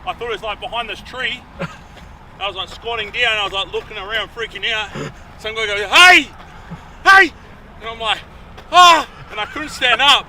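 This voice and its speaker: An Australian man telling a story with animated energy, swearing freely and acting out the other people in it. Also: high-pitched, fairly quick, recorded from a distance, a little hiss or hum.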